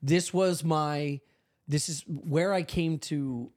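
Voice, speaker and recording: A man's voice: fairly high pitch, fairly even intonation, takes it slowly, darkish tone. A man co-hosting a comedy podcast, rambling in crude, joking chat. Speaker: podcast co-host.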